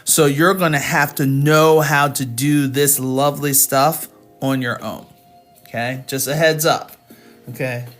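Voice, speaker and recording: A woman's voice: extremely low pitch, steady tone, unhurried, faint music behind. A middle-aged woman tutoring math in a casual livestream, chatting with viewers and laughing often.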